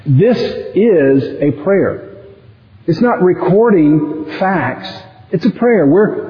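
A male pastor preaching a sermon in an animated way, acting out quoted prayers as he goes. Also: reverberant, big-room sound, highs cut off. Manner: animated, acts out quoted prayers with sudden rises in pitch.

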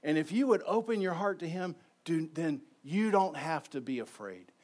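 A man delivers a sermon from the pulpit of a church. His voice sits somewhat high for a man, and he drops to near hushes before rising to emphatic declarations. He draws his congregation in, asking them to repeat lines with him. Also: lively intonation, moderate pace. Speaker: pastor. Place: church sanctuary.

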